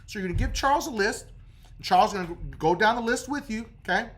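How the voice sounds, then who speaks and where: A man's voice: sits high, expressive, fast talker, a bit bright. A man hosting a casual how-to talk on credit repair, who checks in with "okay?" after nearly every point.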